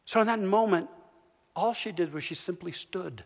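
A man giving a sermon, telling a story as he swings from loud, emphatic peaks down to soft, hushed lines. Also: high voice, moderate pace, creaky. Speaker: pastor. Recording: long hall reverb.

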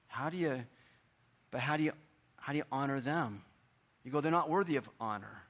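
A middle-aged man preaching a sermon, earnest and conversational, dropping into quiet asides. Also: mid-range voice, lively intonation, moderate pace, long pauses. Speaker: pastor.

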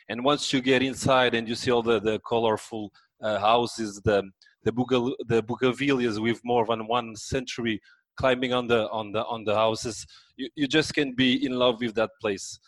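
A man's voice: medium pitch, a bit bright, no echo, rough recording. A man with a French accent chatting casually as a podcast guest, often repeating words while he searches for phrasing.

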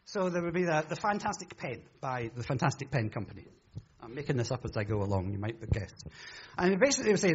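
Husky-voiced preacher, lively and high. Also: male voice, quick pace, dull audio. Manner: chatty, jokey, teases the congregation. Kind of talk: humorous sermon talk. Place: church.

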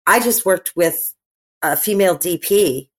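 A middle-aged woman talking as an interview guest in casual chat, animated and rambling, restarting her sentences often and filling pauses. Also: fairly low pitch, husky. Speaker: actress and podcast guest.

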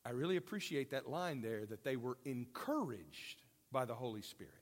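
A male pastor preaching a sermon in an animated, folksy way, with self-deprecating jokes. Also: medium pitch, normal speed, long reverb tail.

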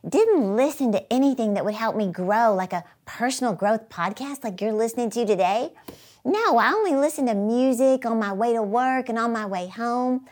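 A woman's voice: a little high, lively intonation, normal speed, darkish tone. Earnest woman giving a motivational sermon. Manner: earnest, emphatic, storytelling. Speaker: TV preacher.

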